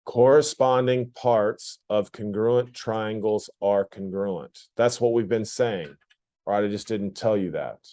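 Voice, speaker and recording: A man's voice: fairly low pitch, measured pace, dark tone. Man teaching a geometry class. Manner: repetitive, questioning the class, plainspoken. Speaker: math teacher. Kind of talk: classroom lecture.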